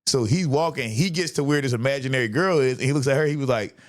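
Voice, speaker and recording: A young man hosting a casual chat, telling a story animatedly and jumping high to act out his friends. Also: fast, few pauses. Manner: animated, acts out friends' voices in a high pitch. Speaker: podcast host.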